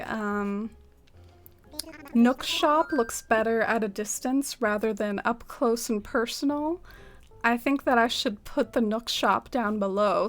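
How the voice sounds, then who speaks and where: Chatty young woman streamer, high voice. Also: a bit bright. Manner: chatty, many fillers like "like" and "um", laughs often. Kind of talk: casual gameplay chat with viewers.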